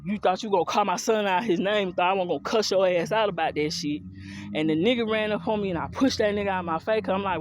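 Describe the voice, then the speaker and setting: A woman's voice: mid-range voice, quick pace, slight background noise. A woman telling a personal story in a casual monologue, blunt, heated and profane, with an African American Vernacular English accent and speaking straight to her listeners. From US South and Philadelphia.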